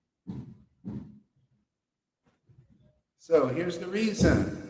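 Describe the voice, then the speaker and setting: A man giving a fervent, playful devotional talk, laughing often. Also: fairly high pitch. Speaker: devotional speaker. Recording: roomy hall reverb.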